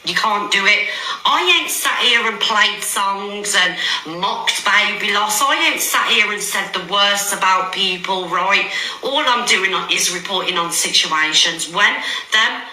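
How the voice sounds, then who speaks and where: A woman's voice: mid-range voice, expressive, a little slow, bright, forceful tone. A woman in a clip from a live stream, talking defensively and checking in with "right?" and "okay?". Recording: roomy echo.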